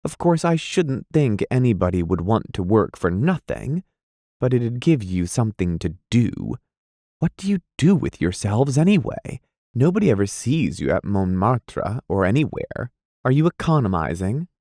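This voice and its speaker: A man reading aloud, voicing a gossipy, excitable young woman in a high, breathless voice. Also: normal speed, no echo, clean studio sound. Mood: eager. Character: gushing gossipy young woman, easily moved.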